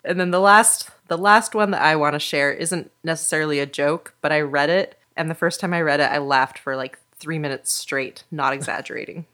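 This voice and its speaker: A mother telling jokes as a guest in a casual podcast chat, playful and unhurried. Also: low voice, a bit bright.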